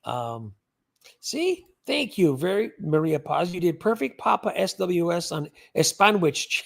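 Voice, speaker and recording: An older man hosts a casual livestream, reading viewer comments and rambling with repeated words. His voice sits high for a man and has a gravelly edge. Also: big pitch swings, measured pace. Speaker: livestream host.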